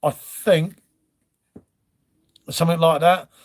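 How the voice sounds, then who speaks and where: High-voiced chatty English streamer. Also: male voice, fairly even intonation, slow pace. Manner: chatty, rambling, reads out chat comments. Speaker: live stream host. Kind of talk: casual chat. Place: home.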